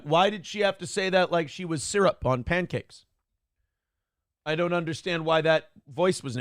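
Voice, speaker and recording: A man's voice: on the high side, moderate pace, fairly bright tone, no room sound, clean studio sound. A male morning show host giving sarcastic, crude commentary and reading viewer chat aloud. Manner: crude, sarcastic, swears freely. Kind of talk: casual live-stream commentary.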